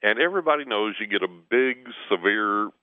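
Deep-voiced man telling stories over a phone line. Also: a little fast, dry recording. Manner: animated storyteller, acts out quoted voices. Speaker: guest. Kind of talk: conversational storytelling.

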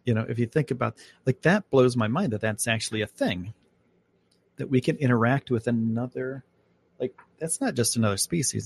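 A husky, gravelly man of medium pitch speaks at normal speed with lively intonation. Hosting a live podcast on his home microphone, he chats casually about space and his plans. He's originally from upstate New York.

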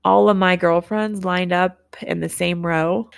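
Young woman host, personal storytelling; low, gravelly, dry close sound, halting and reflective. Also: fairly even intonation, no echo. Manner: reflective, halting, plain-spoken. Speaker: podcast host telling her own story.

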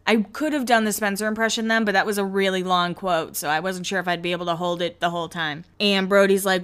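A woman's voice: medium pitch, fairly even intonation, fairly bright tone, smooth. Chatty young woman recapping a reality show. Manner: chatty, filler-heavy, acts out quotes in quick voices. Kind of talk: casual recap chat.

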